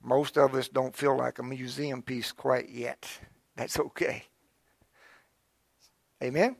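This male pastor speaks slowly in a gravelly mid-range voice with little pitch movement, recorded with no room sound. Addressing his congregation directly, he exhorts them fervently, pressing with urgency early on before turning quieter and reflective.

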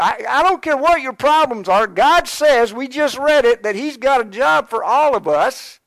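In a studio-quality recording with no room sound, a male pastor preaches to his congregation in an extremely high voice with lively intonation, moderate pace and few pauses. His sermon is fervent and exhorting, urgent at first and then quieter and more reflective.

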